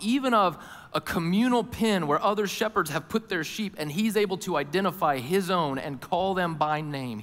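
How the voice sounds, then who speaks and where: Emphatic male pastor preaching in a reverberant hall. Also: fairly high pitch. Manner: shifts between hushed intimate lines and loud emphatic ones; voices Jesus and worried listeners in first person. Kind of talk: sermon. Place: church auditorium.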